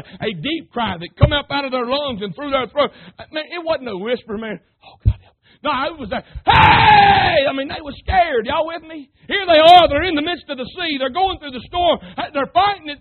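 High-voiced fervent preacher. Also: male voice. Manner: fervent, rising to shouts, addressing the congregation. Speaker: pastor. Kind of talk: sermon. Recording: tinny phone-like sermon recording.

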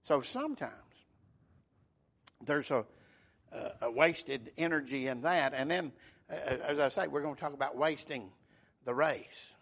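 A male preacher with a slightly high voice delivers a sermon in a folksy, conversational way. He repeats his words as he goes and moves between loud, stressed phrases and quiet, hushed ones. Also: unhurried, long pauses.

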